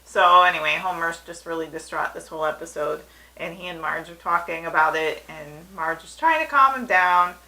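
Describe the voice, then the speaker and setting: A woman co-hosting a casual episode review, retelling scenes with animated bits of acted-out dialogue. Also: fairly low pitch, normal speed, low-quality recording. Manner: animated retelling, acting out quoted lines. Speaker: podcast co-host.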